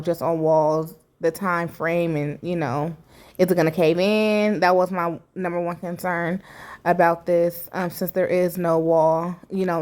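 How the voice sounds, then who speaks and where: A woman with a fairly low voice talks through a home repair project in a relaxed vlog. She is middle-aged, candid and chatty, and her talk is full of fillers and asides to viewers. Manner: candid, chatty, with many fillers and "you know"s. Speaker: vlogger. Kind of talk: casual DIY vlog narration.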